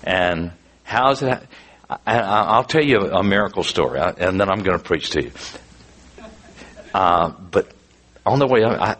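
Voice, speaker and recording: A man preaching a sermon, telling a personal story in an earnest, animated way with frequent restarts. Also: low-pitched, a little slow, long pauses.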